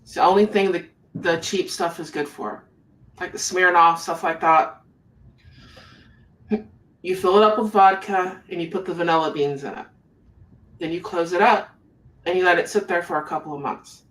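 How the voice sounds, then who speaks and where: A live-stream host talking in a relaxed, chatty way with little laughs between phrases. The voice sits at a middle pitch. It is picked up from some distance away from the microphone. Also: moderate pace, long pauses. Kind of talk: casual chat.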